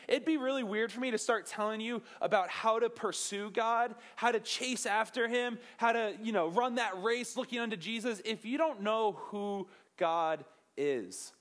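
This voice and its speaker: A young man giving an energetic, joking sermon as a pastor, asking the audience questions. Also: very high voice, moderate pace, hardly any pauses. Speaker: youth pastor.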